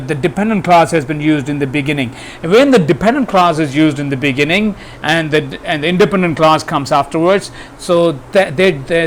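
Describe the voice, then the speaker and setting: A man's voice: fairly high pitch, a little hiss or hum. A man teaching grammar, hesitant, with many fillers and restarts. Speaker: English teacher. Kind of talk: grammar lesson.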